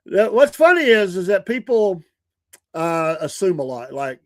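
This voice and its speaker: Big pitch swings mark the slightly high voice of a Southern American man in his sixties who hosts a casual morning livestream. He speaks at a measured pace, earnest and rambling, with restarts and small chuckles, recorded dry and close with no echo.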